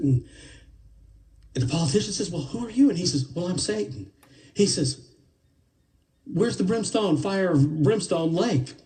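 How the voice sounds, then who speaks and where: A man telling a parable live, animated and playful, with asides to his listeners. His voice is mellow and fairly high. He stands well back from the mic. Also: distant mic, rough recording. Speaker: storyteller.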